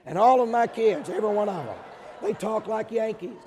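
High-voiced Southern preacher in a hall. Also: male voice, brisk, a crowd in the background. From Georgia, US. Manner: emphatic, swings between loud stresses and dropped asides. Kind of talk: sermon. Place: large hall with audience. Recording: hall reverb.

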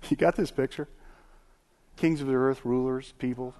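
A man's voice: mid-range voice, normal speed, pauses often, dark tone. A man, preaching a folksy sermon with many fillers and restarts.

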